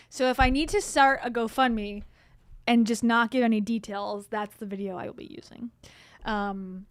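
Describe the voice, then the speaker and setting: A woman's voice: a little high, fairly even intonation, a little slow, pauses often, slight background noise. Chatty middle-aged woman hosting a livestream. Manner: chatty storytelling, frequent laughs. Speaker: livestream host. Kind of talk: casual livestream commentary. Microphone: streaming mic.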